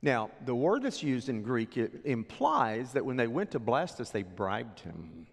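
A man preaching a sermon as a pastor, telling the story with animated drama. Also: mid-range voice, measured pace, gravelly. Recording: long hall reverb.

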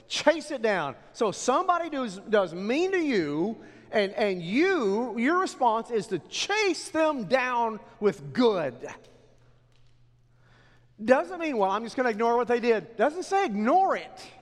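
A middle-aged male pastor preaching a sermon in a church, dropping low and then rising to emphatic exhortation. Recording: long hall reverb.

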